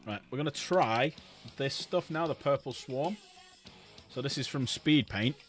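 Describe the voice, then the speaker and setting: A man chatting casually while painting miniatures on a livestream, chatty and quick to laugh. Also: soft background music. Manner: chatty, laughs often, jumps in pitch when excited. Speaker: streamer and hobby painter.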